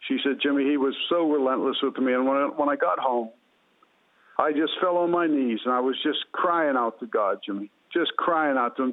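A man's voice: medium pitch, normal speed. A man calling in to tell an earnest personal testimony, repeating phrases as he builds the story. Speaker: caller telling his testimony. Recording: tinny phone line.

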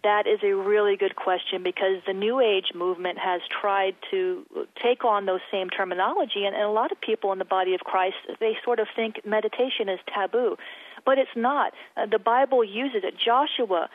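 A woman's voice: mid-range voice, steady tone, moderate pace, no echo. A middle-aged woman speaking as a guest in a Christian faith interview, earnest and repeating words as she starts. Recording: tinny phone-line sound.

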